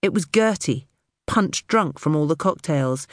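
A woman narrating an audiobook in the first person with expressive storytelling. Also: deep voice, a little slow, no echo, studio quality.

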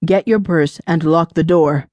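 A steady, composed male firefighter in a storybook, put on by a woman narrator. He talks low, hushed and urgent, his voice dropped well below her own. The sound is close and dry. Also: normal speed, dry recording. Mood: urgent, calm.

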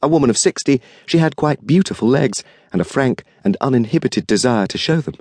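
A man narrating an audiobook mystery with expressive, varied storytelling. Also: medium pitch, brisk, no room sound. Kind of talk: scripted narration.

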